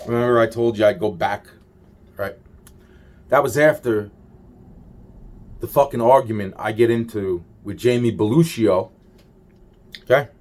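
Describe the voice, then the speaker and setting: A man's voice: lowish voice, unhurried, pauses often, a little mellow. A man in a rambling monologue, swearing constantly and trailing off with exasperated sighs. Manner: trails off with repeated sighs of "wow".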